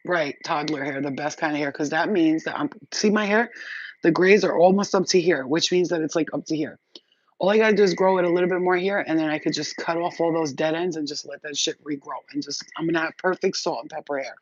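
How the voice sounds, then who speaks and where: A woman's voice: deep voice, quick pace, a little hiss or hum. A middle-aged woman vlogging to her viewers in a casual, blunt chat, swearing freely as she talks on. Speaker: spiritual reader and vlogger. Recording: dull lo-fi audio.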